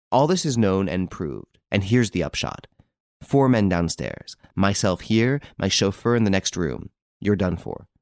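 A man with a very low voice narrates a classic detective novel as a scripted audiobook, reading evenly and at a measured pace while giving characters' lines only a light touch. The recording is dry and close, with no room sound.

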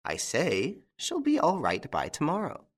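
A man voicing a bold, cool-headed gentleman thief in a storybook reading, brisk and wry. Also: fairly high pitch, huge pitch swings, pitched above the performer's own voice, exaggerated voice. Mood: calm.

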